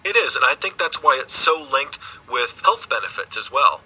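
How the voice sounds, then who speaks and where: A man's voice: medium pitch, big pitch swings, moderate pace, pushed and bright, slightly rough, poor audio. Hesitant man explaining on the radio. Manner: hesitant, restarts phrases, explains patiently. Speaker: guest scientist. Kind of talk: radio interview. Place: remote studio.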